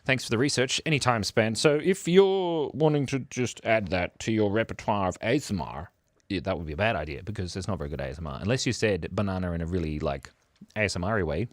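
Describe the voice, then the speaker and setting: A man's voice: lowish voice, lively intonation, fast, dry recording. A middle-aged man hosting a drawing livestream, rambling and joking goofily with his chat in casual talk. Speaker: livestream art host.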